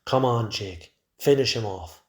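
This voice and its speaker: A man's voice: mid-range voice, a little slow, lightly acted. A man voicing a jeering young male thug, taunting and cruel. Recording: roomy echo.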